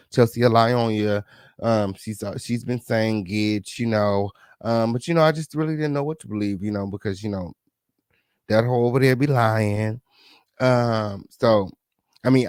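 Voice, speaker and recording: Brash, foul-mouthed gossip host, dry sound. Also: male voice, mid-range voice, dry recording. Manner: brash, sassy, swearing, repeats "okay" and "period". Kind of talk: profane celebrity gossip commentary.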